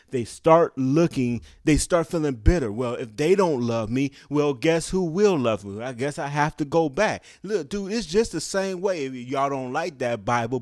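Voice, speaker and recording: A man's voice: mid-range voice, darkish tone, no echo, clean studio sound. A young man giving a passionate, preachy opinion commentary, often asking "guess what?" to drive his point home. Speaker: commentary vlogger.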